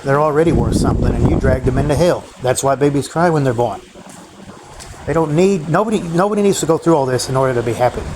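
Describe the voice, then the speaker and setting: A man's voice: medium pitch, quick pace. Profane ranting man over background noise. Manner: profane, bitter ranting, repetitive. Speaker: vlogger. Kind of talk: rambling solo monologue.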